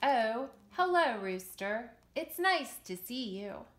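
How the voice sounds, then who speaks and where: A sweet, timid little girl ghost, put on by a woman in a storybook reading. Her soft, childlike voice climbs high and dips low as she asks for help. She speaks slowly, gently. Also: big pitch swings, slight background noise, full character voice. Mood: pleading.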